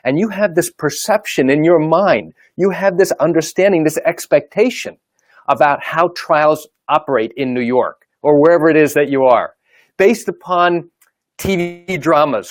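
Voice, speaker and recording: Brief: male lawyer, slightly high voice, emphatic live talk, dry close sound. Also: no echo. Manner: emphatic, repetitive, rhetorical questions. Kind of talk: live video talk to camera.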